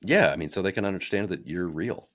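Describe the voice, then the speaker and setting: A man's voice: deep voice, lively intonation, fast, a bit bright, no echo, studio quality. A man in his thirties, a podcast co-host in casual chat, talking in loose runs with fillers and restarts. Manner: chatty, many fillers and restarts, acts out quotes. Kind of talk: casual podcast chat about personal branding.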